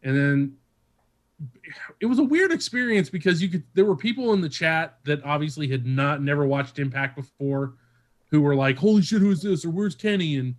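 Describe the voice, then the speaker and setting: A man hosting a casual podcast chat. He rambles with many ums and uhs and grows lively when something excites him. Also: fairly high pitch, moderate pace.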